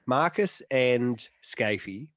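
A man co-hosting a casual motorsport podcast, measured and reflective, passing topics to the others. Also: medium pitch, animated, fairly bright tone, no room sound. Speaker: podcast co-host.

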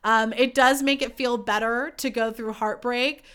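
A woman's voice: fairly high pitch, steady tone, moderate pace, fairly bright tone, smooth. A young woman hosting her own podcast, chatting candidly and swearing freely in a self-mocking way. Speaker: podcast host. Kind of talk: casual solo podcast chat.

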